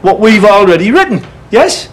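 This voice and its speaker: A man's voice: sits high, very animated, normal speed. A middle-aged man with a Geordie accent, playing a pushy, boastful builder who talks his mates into a shady deal. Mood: insistent. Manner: brash, pushy, blokey.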